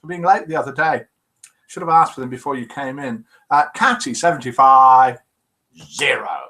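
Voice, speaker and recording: A man's voice: medium pitch, brisk, pushed and bright. A man hosting a live chat show, reading out viewer comments and telling jokes in a chatty, teasing way.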